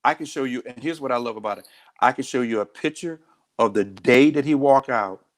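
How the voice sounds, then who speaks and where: Guy, sheriff being interviewed, blunt and earnest, mid-pitched voice. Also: fairly quick. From United States. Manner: direct, earnest storytelling. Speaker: county sheriff, guest. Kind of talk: candid interview talk.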